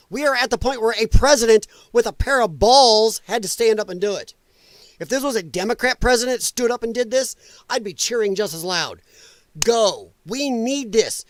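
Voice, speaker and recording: A high-voiced man hosting a political livestream, cursing and ranting with heat. His voice sits close and dry, with no room sound around it. He swings from anger to loose asides with the chat. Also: no room sound. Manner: heated, profane ranting. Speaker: livestream host.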